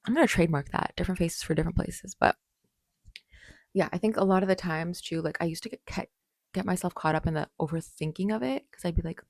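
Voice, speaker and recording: A woman's voice: fairly low pitch, fast talker, vocal fry, dry recording. Rambling bubbly woman in her late twenties. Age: late 20s. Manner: rambling, bubbly, with many fillers. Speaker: vlogger. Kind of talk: casual talk to camera.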